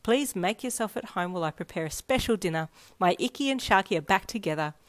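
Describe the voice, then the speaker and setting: A woman's voice: medium pitch, lively intonation, fast, dry recording, natural voice. A woman voicing an emotional, doting middle-aged mother in a read-aloud fan story, tearful and effusive.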